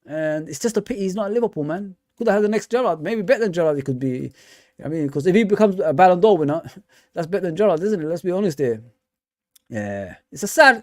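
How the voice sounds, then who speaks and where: Rambling slangy man, bright and dry. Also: a little high, no echo. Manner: rambling, repeats himself, slangy. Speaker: fan channel host. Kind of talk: casual live stream chat.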